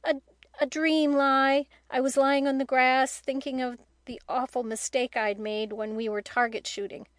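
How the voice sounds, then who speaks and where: A woman's voice: high voice, little pitch movement, unhurried, no echo, pitched above the performer's own voice. A woman reading the part of a remorseful, earnest young boy in an audiobook, with only a slight lift of her voice.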